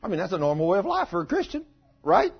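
A man's voice: high-pitched, huge pitch swings, quick pace, gravelly, breathy edge. A man preaching in a folksy sermon, telling a testimony and rising to fervent outbursts. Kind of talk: sermon storytelling. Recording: dull lo-fi recording.

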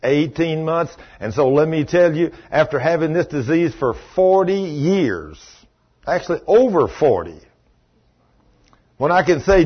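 Husky, fairly high-voiced preacher man. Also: lively intonation, measured pace, dull audio. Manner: storytelling preacher, swinging from loud exclamations to hushed low passages. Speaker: pastor. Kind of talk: sermon.

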